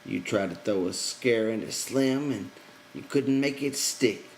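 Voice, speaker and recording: A man's voice: on the low side, measured pace, creaky, slight background noise, poor audio. A man voicing a blunt, contemptuous ranch hand who talks in scornful threats.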